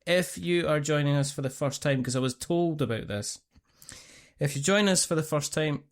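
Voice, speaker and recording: A man's voice: on the high side, normal speed. A middle-aged man with a Scottish accent hosting a podcast, telling stories in a rambling, chatty way and often restarting his sentences. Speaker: podcast host. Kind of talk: casual chat.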